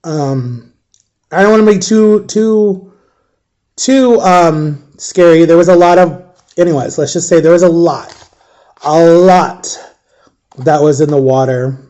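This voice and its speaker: A young man telling his own painful story, halting and repeating himself, close to tears at times. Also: fairly high pitch, a little mellow, muffled recording. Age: young adult. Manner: halting, repeats himself, acts out quoted voices. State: emotional, near tears. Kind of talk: personal storytelling.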